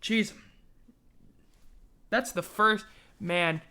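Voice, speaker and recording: Bright-voiced man hosting a livestream. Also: high voice, extremely slow, smooth. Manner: rambling, self-mocking, keeps yawning. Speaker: podcast host. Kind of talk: casual livestream chat.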